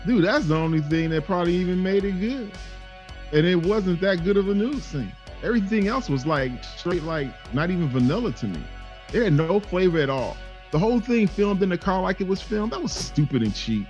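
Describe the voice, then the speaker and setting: A man co-hosts a horror podcast in casual chat with a lively, swinging pitch. He is blunt, slangy and teasing, and faint music sits under his voice. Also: fairly quick, lo-fi sound. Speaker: podcast co-host.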